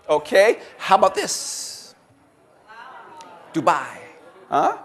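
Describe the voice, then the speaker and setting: In a conference room before a live audience, a man gives a motivational seminar as keynote speaker, quizzing the crowd and repeating their answers back. His medium-pitched voice is sing-song and unhurried.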